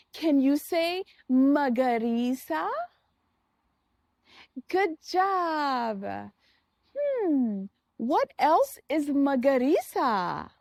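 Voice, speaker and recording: A woman with a high, bright voice that swoops up and down as she teaches young children. She speaks very slowly and coaxingly, repeating each word and prompting the child to answer. The recording is close and dry. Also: no echo. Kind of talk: slow sing-song teaching for kids.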